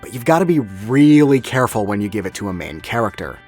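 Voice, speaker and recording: A man narrates a scripted video essay, wry and analytical, with a lively, rising and falling delivery. Faint music sits under his voice. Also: fairly low pitch, quick pace.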